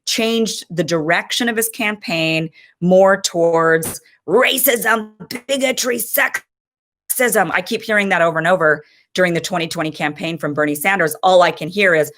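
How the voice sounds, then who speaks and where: A woman's voice: on the low side, normal speed, a bit bright, slight background noise. A woman in her thirties giving impassioned, frustrated political commentary as host of her own show.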